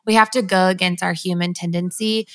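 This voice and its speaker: Low gravelly woman, thoughtful. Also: steady tone, brisk, a bit bright. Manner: thoughtful, affirming. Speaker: podcast guest. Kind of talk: casual conversation.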